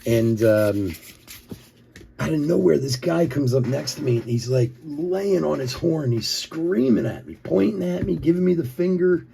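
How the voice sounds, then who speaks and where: This man from the Philadelphia area has a fairly high, gravelly voice with a dark tone, lively expression, a moderate pace, and a bit of hiss or hum in the audio. Hosting a live card-breaking stream, he tells a rambling story while opening cards, chuckling often and saying "like" constantly.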